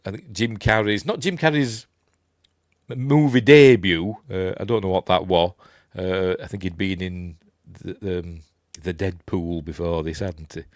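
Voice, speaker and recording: A Yorkshire man, older, chatting about old films in a rambling, easygoing way. His voice sits on the low side and the sound is close and dry, with no room around it. He fills gaps with ums and pokes fun at himself. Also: fairly even intonation, a little slow, no echo. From Yorkshire, England. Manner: rambling, self-deprecating, filler-heavy. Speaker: channel host. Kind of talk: casual live-stream movie chat.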